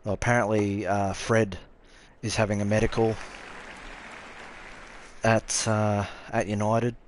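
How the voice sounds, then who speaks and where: A young Australian man with a fairly low voice talks casually through a live game stream. He is offhand and sweary, and he answers viewers' comments as they roll in. A faint hum of room noise sits under his voice. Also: little pitch movement, unhurried, a faint crowd. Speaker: gaming streamer.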